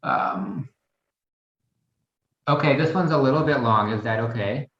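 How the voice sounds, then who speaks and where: A middle-aged man talks as a podcast guest in a casual, rambling way and acts out bits of a joke. His voice sits at an ordinary pitch. It has a roomy echo and a dull, lo-fi sound. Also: lively intonation, measured pace, vocal fry, background noise. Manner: chatty, rambling, telling a joke with acted bits. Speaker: guest, garden vice president. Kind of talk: casual interview chat.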